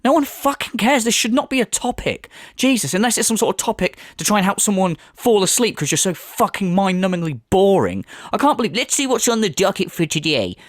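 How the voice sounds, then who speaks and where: A sarcastic man rants through a mocking commentary, swearing freely. His pitch sits a touch high and swings widely as he scoffs. The sound is close and dry. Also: very animated, brisk, few pauses, no echo. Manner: sarcastic, swears heavily, mocks in put-on voices. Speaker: commentary video host.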